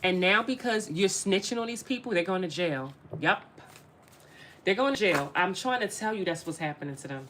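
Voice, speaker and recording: A woman's voice: on the low side, fairly quick, hardly any pauses, a bit bright, slight background noise. A woman giving a casual spiritual tarot reading straight to her viewers, emphatic and repeating her phrases as she addresses them directly. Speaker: tarot reader.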